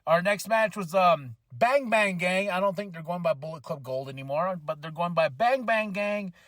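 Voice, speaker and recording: A fired-up man hosts his podcast, with a fairly high voice that jumps into excited shouts. The recording is close and completely dry. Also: moderate pace, no echo. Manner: enthusiastic, animated, shouts in excitement. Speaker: podcast host. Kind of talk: excited wrestling recap.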